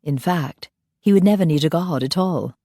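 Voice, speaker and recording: A woman's voice: sits low, moderate pace, dark tone, no room sound, clean studio sound. A woman voicing a haughty female vampire with a snooty British accent.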